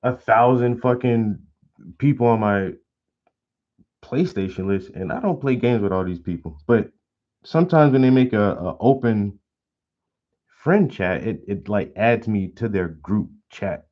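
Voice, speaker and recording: A man's voice: lowish voice, expressive, a little slow, lo-fi sound. A man chatting casually, rambling and swearing as he tells a story. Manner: loose, swearing, rambling delivery. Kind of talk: casual chat.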